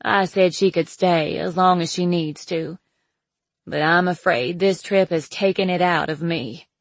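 A woman voicing a hoarse, worn-out older grandmother in an audiobook, with a slow, heavy, phlegmy delivery. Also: lowish voice, no echo. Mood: weary. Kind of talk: audiobook character voice.

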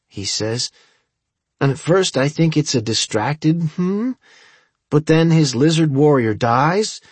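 A man's voice: mid-range voice, husky, dry recording. A man reading a first-person story aloud as an audiobook narrator, in a wry, conversational way.

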